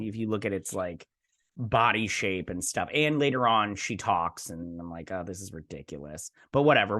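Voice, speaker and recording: Man, show host, casual recap, animated, playful voices, everyday pitch.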